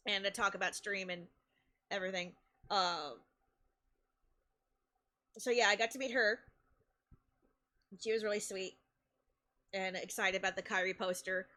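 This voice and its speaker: A woman streamer telling stories in a casual, animated way, laughing often and restarting her sentences. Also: medium pitch, measured pace, long pauses. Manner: chatty, with many restarts and fillers. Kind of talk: casual live-stream storytelling.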